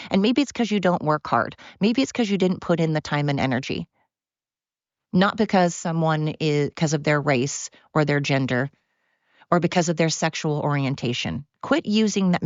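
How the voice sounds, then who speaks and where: A woman's voice: lowish voice, no room sound, highs cut off. A woman hosting her own podcast, ranting in a heated, blunt way and swearing freely. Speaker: podcast host. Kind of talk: solo podcast rant.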